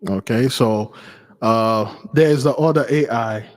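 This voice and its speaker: A man hosting his channel, talking casually and haltingly with many fillers. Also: mid-range voice, long reverb tail. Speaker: channel host. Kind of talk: casual talk with an AI.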